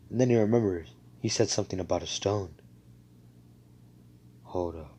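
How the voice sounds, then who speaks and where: A man's voice: deep voice, normal speed, long pauses, dark tone, breathy edge. A man casually telling an improvised fan story over a voice call, rambling and profane, full of fillers and self-corrections. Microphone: computer mic on a voice call.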